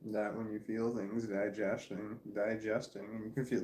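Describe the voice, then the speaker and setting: A man's voice: on the low side, flat delivery, moderate pace, hardly any pauses, darkish tone. Rambling man in an echoey room. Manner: candid, wandering, self-deprecating, often trailing off. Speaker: vlogger. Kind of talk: casual rambling monologue to camera. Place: at home in a room, with a puppy in his lap. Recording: roomy echo.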